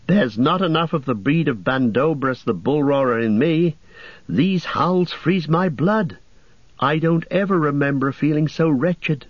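A man's voice: a little high, expressive, unhurried, no echo, voice pushed up. A man voicing a small, timid young male hobbit in a storybook reading, plaintive and anxious. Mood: fretful. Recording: dull dry audiobook recording.

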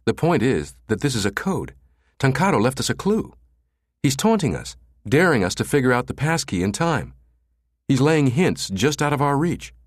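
A man reading the part of a sharp, analytical female cryptographer who argues insistently. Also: mid-range voice, sing-song, normal speed, no echo, clean studio sound, voice pushed up. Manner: arguing, insistent.

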